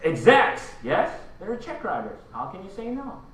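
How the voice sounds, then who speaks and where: A man's voice: sits high, huge pitch swings, moderate pace, fairly bright tone, recorded from a distance. A man from the Philippines giving a punchy conference keynote, firing rhetorical questions at the audience. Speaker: keynote speaker. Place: large conference hall. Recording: echoey hall, voice from afar.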